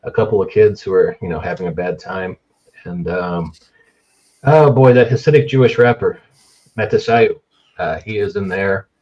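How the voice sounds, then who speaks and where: A man's voice: low-pitched, normal speed, dull audio, slight background noise. A man co-hosting a podcast, recounting movies in a rambling, hesitant way full of fillers. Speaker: podcast co-host. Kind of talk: casual podcast discussion.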